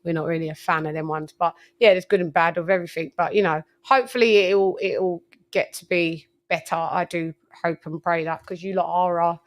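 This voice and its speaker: Woman hosting a boxing stream, lowish voice, chatty, swears a lot. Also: fairly even intonation, brisk, few pauses. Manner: chatty, swears freely, lots of "you know what I mean". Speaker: boxing show host. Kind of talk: casual live-stream chat.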